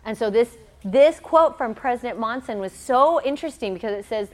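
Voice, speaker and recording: A woman gives a lively talk to young listeners, slightly high in pitch. She jokes and keeps quizzing the room with quick questions. Her tone stays playful and teasing. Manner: playful, joking, quizzing the audience. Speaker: church youth speaker. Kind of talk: lively talk to a youth audience.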